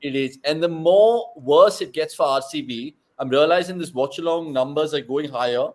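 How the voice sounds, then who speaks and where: A young man hosting a live cricket watchalong, joking around and bursting into loud excitement at big moments. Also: a little high, moderate pace. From India. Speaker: watchalong host.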